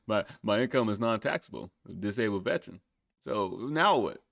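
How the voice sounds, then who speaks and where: A man's voice: lowish voice, very animated, moderate pace, creaky, fairly bright tone, dry recording. A young man hosting a solo political podcast, sarcastic and profane, often breaking into laughter. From United States. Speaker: podcast host.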